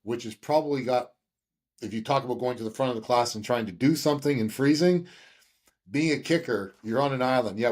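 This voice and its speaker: A man's voice: mid-range voice, darkish tone. A male podcast host with a mid-range voice rambles through his point in loose, casual chat. He swears offhandedly as he talks.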